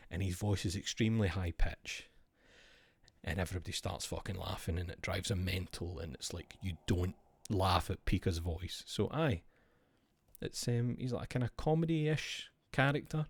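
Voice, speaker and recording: Scottish guy nattering away to himself, bit low, swears a lot, dead dry room. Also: a little mellow, no echo. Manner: rambling, sweary, musing aloud to himself. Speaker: streamer. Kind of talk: casual chat while opening trading card packs.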